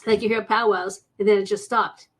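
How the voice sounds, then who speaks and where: Woman guest, chatty storyteller who voices other people's lines, average pitch. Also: steady tone, a little fast, husky. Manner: chatty, acts out quoted voices, laughs often. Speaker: guest paranormal investigator. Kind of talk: casual storytelling interview.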